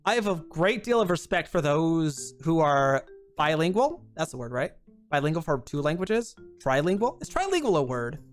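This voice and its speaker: A woman streamer chatting casually, rambling and poking fun at herself in an animated way. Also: low-pitched, moderate pace, faint music behind. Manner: rambling, self-mocking, animated.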